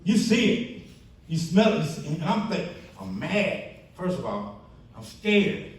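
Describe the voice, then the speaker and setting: Man, keynote testimony speaker, lively storyteller, higher voice, very echoey hall heard from afar. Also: unhurried, distant mic. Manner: storytelling, acts out quoted friends in animated bursts. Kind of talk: testimony speech at a banquet. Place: church banquet hall.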